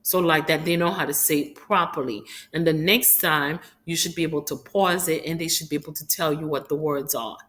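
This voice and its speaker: A woman's voice: deep voice, fairly even intonation, a little fast, few pauses, a bit bright. A woman teaching phonics to young children, sounding out letters one at a time and repeating each word. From Haiti.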